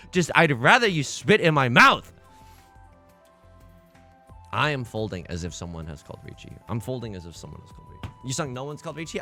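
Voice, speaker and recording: Young guy narrating his game, bright voice, bouncy pitch, sarcastic and self-mocking, faint game music behind. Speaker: let's play host. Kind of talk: game commentary.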